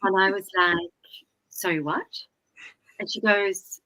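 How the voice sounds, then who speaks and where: A woman telling a story in a casual talk, lively and animated, swearing freely and acting out what people said. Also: medium pitch, takes it slowly, pauses often, low-quality recording. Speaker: guest, Enneagram teacher.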